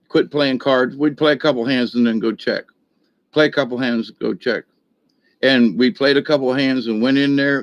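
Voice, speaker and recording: A man's voice: mid-range voice, no echo. An older man telling a long, rambling folksy story, full of restarts and fillers. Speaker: video host.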